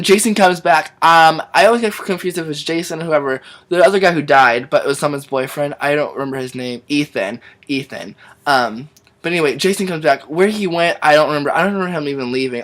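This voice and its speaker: A young man talking straight to his camera in a casual vlog, excitable and chatty. His voice sits a little high for a man. He fills his talk with fillers and drops the odd swear word. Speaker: vlogger.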